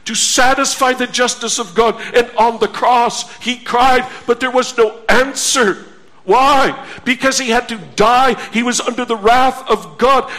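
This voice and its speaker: A man preaching a sermon in a slow, earnest manner, full of rhetorical questions and quoted scripture. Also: very high-pitched, bright, forceful tone.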